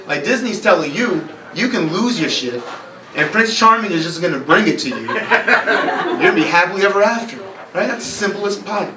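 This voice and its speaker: A man's voice: sits high, animated, normal speed, noisy background. A young man performing a live stand-up set, sardonic and self-deprecating, bantering with the crowd in a bar from a stage mic. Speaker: stand-up comedian. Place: bar comedy night. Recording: roomy bar recorded from far off, crowd laughing.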